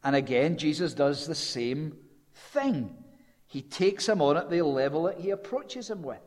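A fairly high-voiced man delivers a sermon with lively storytelling. He dips to a low, hushed tone for quoted lines. His voice carries a long reverb from a large hall. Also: measured pace. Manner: animated storytelling, dropping low and quiet for quoted speech. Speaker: preacher.

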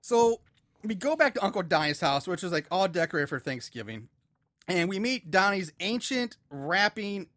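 A man's voice: sits high, big pitch swings, moderate pace, a bit bright, no room sound. A man casually recapping a movie plot on a podcast, rambling with lots of fillers. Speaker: podcast co-host.

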